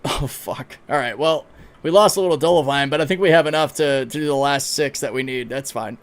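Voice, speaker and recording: A man livestreaming a video game, giving excitable, casual commentary, swearing freely and talking to his chat. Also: mid-range voice, brisk. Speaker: gaming livestreamer.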